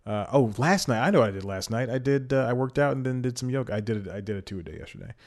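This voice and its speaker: A man's voice: medium pitch, lively intonation, rapid-fire, darkish tone. A young man hosting his own podcast, chatting casually and rambling, often laughing at himself. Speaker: podcast host. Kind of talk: casual solo podcast chat. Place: home in a storm-hit city.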